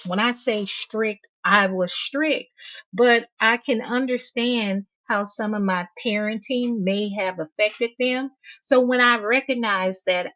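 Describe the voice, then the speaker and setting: A woman's voice: medium pitch, highs cut off. A woman in her fifties hosting a casual livestream, talking candidly and emphatically, often laughing mid-sentence. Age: 50s. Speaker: livestream host. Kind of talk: casual livestream talk reading chat.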